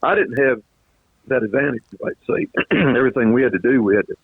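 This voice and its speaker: An older man calls in over a thin, tinny phone line, his voice dry and close with no room around it. He rambles through his stories and keeps coughing and clearing his throat. He sits at a middling pitch. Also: quick pace, no room sound. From Virginia. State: coughing, choked up. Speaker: guest, retired race car driver. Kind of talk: casual interview storytelling. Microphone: phone call.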